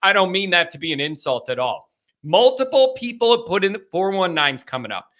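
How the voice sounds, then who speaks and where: Bright, upbeat man hosting a live sports chat. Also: high-pitched, fairly quick. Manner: animated, rambling, repeats himself. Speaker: live-stream sports host.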